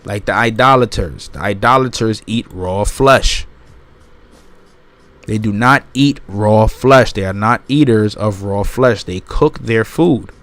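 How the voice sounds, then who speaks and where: A man's voice: on the low side, slow, a bit bright. Emphatic man reading aloud and commenting. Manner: emphatic, repeats points, keeps asking "right?". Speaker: channel host.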